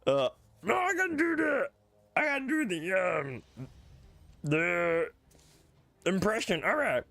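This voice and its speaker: A man's voice: sits high, sing-song, slow, creaky, a bit bright, no echo. A man doing casual gameplay commentary as a YouTuber, playful and laughing constantly while he reads viewer comments. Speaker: gaming YouTuber.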